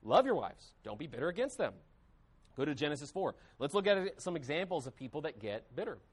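A man's voice: on the high side, sing-song, brisk, slightly rough. A man preaching a sermon with emphasis, acting out quoted voices. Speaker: pastor.

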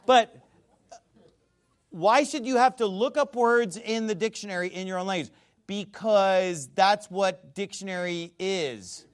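A man giving an emphatic, scornful video monologue about scripture, stumbling over repeated words and bursting into loud shouts. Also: high-pitched, a little slow, clear, resonant tone. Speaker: Bible commentator.

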